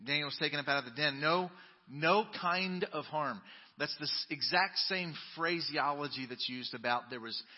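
A male pastor preaching a sermon, reading scripture dramatically and swinging between booming emphasis and soft asides. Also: normal speed, in a large hall, muffled recording. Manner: dramatic Bible reading with sudden loud and quiet turns. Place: church sanctuary.

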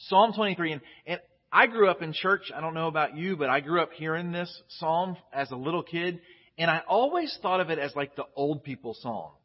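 A man's voice: a little high, animated, brisk. A man preaching as a pastor in a casual, candid sermon, chatty and restarting his phrases. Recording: dull lo-fi audio.

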